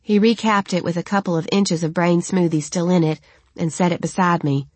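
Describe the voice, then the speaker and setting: A woman narrating a first-person novel in a steady, even storytelling manner. Her voice is on the lower side for a woman. The recording is dry and close, with no room sound. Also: moderate pace, no room sound. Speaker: audiobook narrator.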